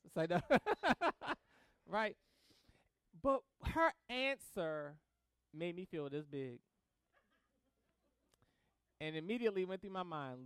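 A man preaching a sermon in a casual, animated way, acting out both sides of conversations and laughing as he tells stories. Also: high-pitched, slow, long pauses, smooth, no room sound. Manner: casual slang-filled delivery with laughter. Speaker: pastor.

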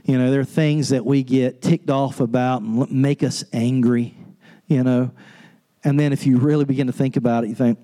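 A pastor preaching an earnest sermon on grief, rising to an impassioned pitch. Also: male voice. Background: soft guitar music.

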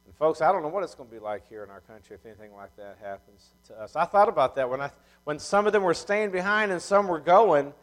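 Fast-talking missionary man in his fifties. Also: on the high side, low-quality recording. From Ohio, USA. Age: 50s. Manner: fast-talking, animated storyteller, folksy. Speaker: visiting missionary speaker. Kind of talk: church sermon with storytelling.

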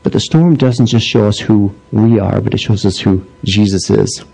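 A middle-aged man preaching a sermon, animated as he tells stories and acts out voices, dropping low and slow for solemn points. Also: gravelly, slightly rough, poor audio. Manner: animated storytelling, acting out voices. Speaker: pastor.

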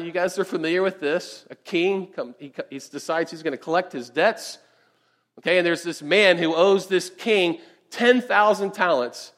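A pastor preaching a conversational sermon in church, often checking in with the congregation with quick asides. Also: male voice, sits high, a bit bright. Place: church sanctuary.

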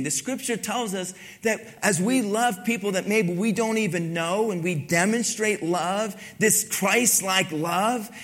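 A middle-aged male pastor with a notably high voice preaches to his church. He reads scripture, then talks to the congregation loosely and with humor, circling back to repeat his points. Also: fairly bright tone. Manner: conversational preaching, teasing congregation, repeats key lines. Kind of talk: sermon.

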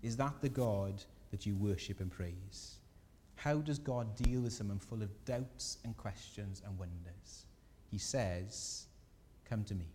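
A man gives an earnest, gentle sermon in a mellow, mid-pitched voice. His words ring out in a large church hall with long reverb, and a faint low rumble sits underneath. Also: a little slow. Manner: earnest, gentle preaching with rising emphasis. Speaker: pastor.

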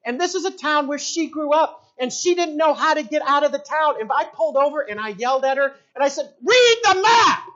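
A middle-aged man, a pastor preaching a sermon in an animated, jokey way. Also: very high-pitched, brisk, hardly any pauses, lo-fi sound. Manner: animated, jokey, shouts in acted quotes.

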